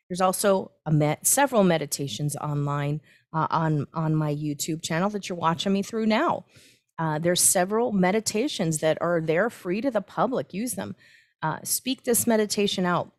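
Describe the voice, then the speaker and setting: A woman's voice: fairly low pitch, dry recording, clean studio sound. A woman talking as a spiritual coach on a live stream, chatty and encouraging, often restarting her sentences with ums. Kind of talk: livestreamed talk.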